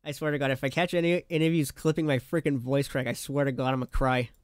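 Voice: mid-range voice, flat delivery, quick pace, no echo, studio quality. A live streamer chatting casually with chat, laughing often and talking in playful slang.

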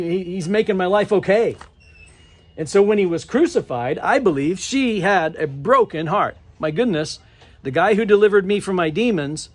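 A middle-aged male pastor preaching a sermon in a church, telling the story with restarts and acting out the quoted lines. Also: sits high. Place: church sanctuary.

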